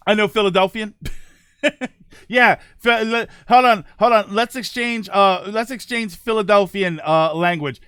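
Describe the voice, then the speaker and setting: A man's voice: high-pitched, a little slow, a bit bright, clear, resonant tone, no room sound, clean studio sound. A man hosting a live stream, chatting casually with his viewers and reading their comments aloud, with a rambling, self-correcting way of talking. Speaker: livestream host.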